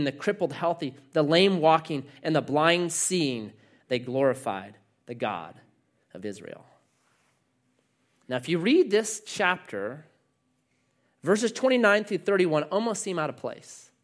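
A man's voice: a little high, animated, a little slow, pauses often. Earnest storytelling preacher man. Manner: storytelling with quoted dialogue, earnest. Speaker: pastor. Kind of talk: sermon.

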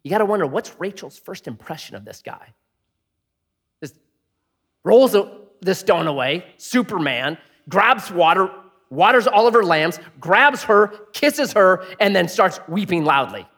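A middle-aged man preaching a sermon in an animated, jokey way, often acting out voices. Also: high voice, measured pace. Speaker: pastor. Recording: long hall reverb.

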